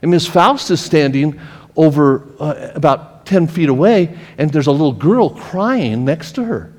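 A man's voice: fairly high pitch, animated, measured pace, a little mellow, long reverb tail. A male pastor preaching a sermon, telling a personal story with feeling and often repeating and restarting his phrases.

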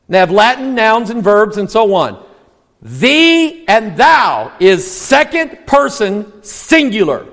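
A man preaching a sermon, emphatic, asking rhetorical questions and rising to near shouts. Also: sits high. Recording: long reverb of a large hall.

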